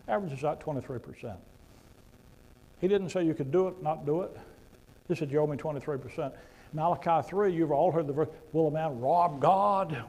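Gravelly-voiced man preaching emphatically. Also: fairly high pitch, poor audio. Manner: emphatic, conversational preaching with sudden loud punches. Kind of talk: sermon. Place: church before a congregation.

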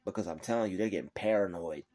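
A man's voice: sits low, fast, a little mellow. A man giving a faith-based motivational pep talk to his viewers, emphatic and repetitive, swearing freely as he drives his points home.

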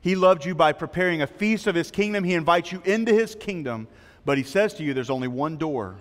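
A man's voice: high-pitched, a little fast. A man preaching a sermon as pastor, telling a story with quoted voices before an earnest appeal. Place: church sanctuary. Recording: long hall reverb.

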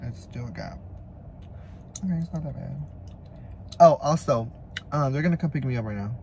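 A man's voice: medium pitch, animated, moderate pace, gravelly, darkish tone, a little hiss or hum. A young man vlogging, chatting to the camera in a sassy, swear-filled way, first at home, then in his car and at a dealership. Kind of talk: casual chat to camera.

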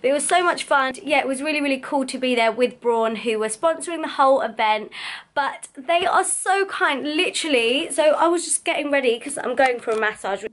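High-voiced chatty young woman vlogger. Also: fairly quick, fairly bright tone. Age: 20s. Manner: chatty and rambling, many fillers. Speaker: makeup vlogger. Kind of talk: casual vlog chat. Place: out and about in London.

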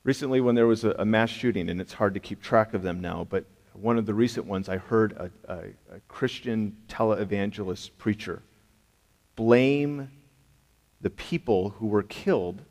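Speaking in a lowish, darkish voice, this male pastor preaches emphatically and conversationally, frequently putting rhetorical questions to the congregation. The church sanctuary gives the recording a long hall reverb.

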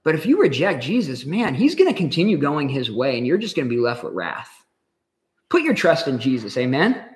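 Male pastor for a casual home Bible study, lively pitch, chatty and slangy. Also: a little fast, reverberant. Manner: animated, conversational, slangy.

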